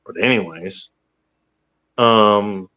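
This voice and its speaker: A man's voice: lowish voice, very slow, sharp tone, muffled recording. A man hosting a casual livestream chat, rambling and swearing freely, with hiccups. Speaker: podcast host.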